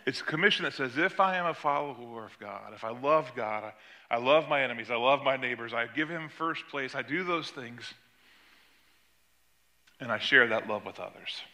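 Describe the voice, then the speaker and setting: A man's voice: animated, moderate pace, pushed and bright. An older man, a pastor, preaching a sermon and telling a story about his granddaughter. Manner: storytelling, acts out quoted voices with rising pitch.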